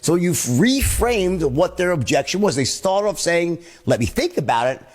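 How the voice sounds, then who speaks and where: Man, sales trainer, lesson delivery, slightly high voice, acts out both sides of a sales call. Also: big pitch swings, normal speed.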